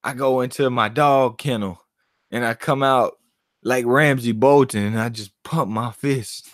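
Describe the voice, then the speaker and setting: Male vlogger, mid-range voice, dry close sound, loose animated banter full of cursing. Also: mid-range voice, measured pace, dry recording. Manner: animated, profane, laughing banter. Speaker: boxing commentator and channel host. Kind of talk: casual vlog commentary.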